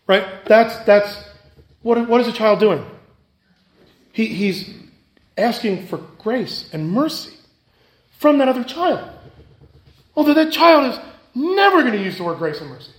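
A high, light-voiced pastor delivers an unhurried sermon with long pauses and big swings in pitch, his words echoing around a church hall. He shifts from forceful passages to quiet ones and keeps repeating his main phrases.

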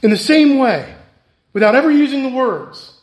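High-voiced pastor preaching in an echoey room. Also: male voice, very animated, moderate pace. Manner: emphatic, repeats key phrases, swings between loud and hushed. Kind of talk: sermon.

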